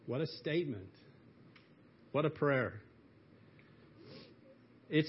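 A man's voice: medium pitch, unhurried, pauses often, breathy edge. A man preaching a sermon in an earnest way, lifting his voice into emphatic pleas as he quotes. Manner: earnest, rising to emphatic pleas when quoting. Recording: dull lo-fi audio.

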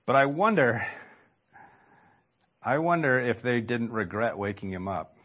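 A man's voice: medium pitch, lively intonation, measured pace. Guy preaching a sermon, talks it through casual-like with lots of asides, a bit dull lo-fi sound. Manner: conversational preaching with rhetorical asides. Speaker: pastor.

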